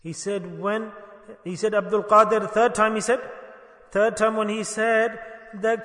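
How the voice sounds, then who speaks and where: Male preacher, high bright voice, storytelling sermon that swells to emphatic cries, long hall reverb. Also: a little slow. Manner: storytelling, rising to emphatic exclamations. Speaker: Islamic preacher.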